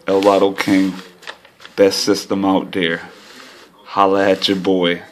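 A man talking casually to his viewers about his lottery system, pointing things out on a chart, by turns excited and frustrated. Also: deep voice, extremely slow, a little hiss or hum. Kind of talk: casual talk to camera.

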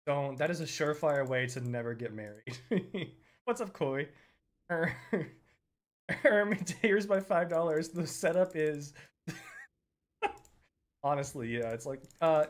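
A young man streaming a game, chatting casually with viewers, laughing often and breaking into loud outbursts. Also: fairly high pitch, unhurried, long pauses. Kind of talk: casual live-stream commentary.

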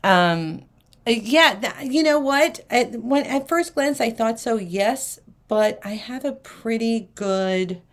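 A woman's voice: on the high side, slow pace. Chatty woman hosting a live auction. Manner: chatty, acts out quoted people in a lively way. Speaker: live jewelry auction host. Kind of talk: live shopping stream, chatty.

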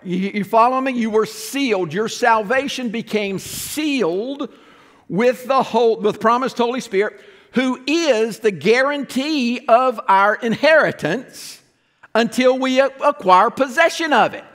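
A man's voice: very high-pitched, a little slow, a bit bright. A man preaching a sermon from the pulpit, explaining and asking the congregation questions. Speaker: pastor. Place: church sanctuary. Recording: long church reverb.

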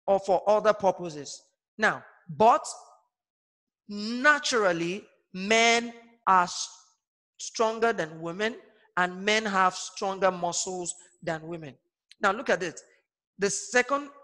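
A man's voice: sits high, a bit bright. A man teaching an online primary school lesson, repeating each point and asking his pupils questions. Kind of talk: online class lesson for children. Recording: long hall reverb.

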